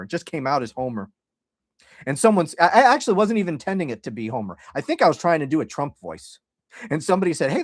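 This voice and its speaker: A man's voice: high voice, no room sound, clean studio sound. A man hosting a podcast livestream, talking casually, swearing freely and mixing jokes with serious points. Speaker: podcast host.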